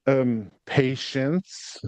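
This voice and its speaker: A man's voice: medium pitch, drawn-out words, a little mellow, dry recording. A man in a mid-range voice gives a psychic reading, rambling and hesitant with many fillers, and cheerfully swears when passing on messages. The sound is dry and close. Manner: rambling, hesitant, frequent ums and likes, swears when relaying spirits. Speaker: psychic medium. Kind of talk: spirit reading to a sitter.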